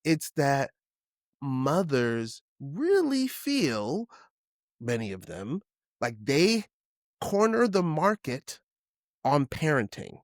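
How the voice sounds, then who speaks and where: A man in his forties hosting a solo podcast, talking candidly and emotionally, swearing casually, restarting often with his pitch swinging widely. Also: very animated, takes it slowly, long pauses, no room sound, clean studio sound. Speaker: podcast host.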